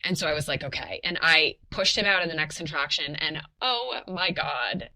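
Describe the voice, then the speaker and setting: Bright-voiced young woman telling her story. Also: low voice, moderate pace, rough recording. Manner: animated, many fillers like "like", laughs often. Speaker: podcast guest telling her birth story. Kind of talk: casual personal storytelling.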